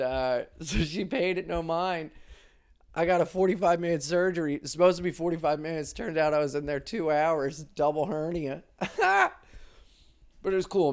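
A young man, a comedian, telling stories in a loose, profane monologue, laughing often and swinging his pitch widely. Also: clean tone. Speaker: comedian podcast host. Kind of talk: casual storytelling monologue.

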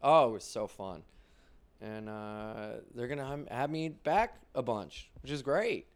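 A stand-up comedian with a medium-pitched, expressive voice delivers a casual monologue of rambling stories. He swears constantly, talks in quick bursts, and acts out the quotes he tells.

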